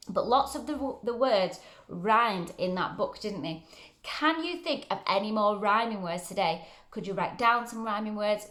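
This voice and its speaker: Woman reading a children's story, gentle and encouraging, echoey room. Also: medium pitch. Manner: gentle, encouraging questions to listeners. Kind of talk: reading a picture book aloud to children. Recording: roomy echo.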